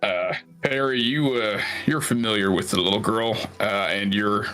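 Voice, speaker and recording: A man's voice: lowish voice, moderate pace, a bit bright, faint music behind, rough recording. A man playing a tabletop game, chatting casually and joking. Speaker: player. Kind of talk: tabletop role-play.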